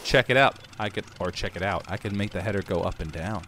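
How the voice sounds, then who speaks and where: A man's voice: low-pitched, quick pace, pushed and bright, slight background noise. A man hosting a gaming channel, giving casual, playful commentary to his viewers as he plays. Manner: playful and joking, talks to viewers.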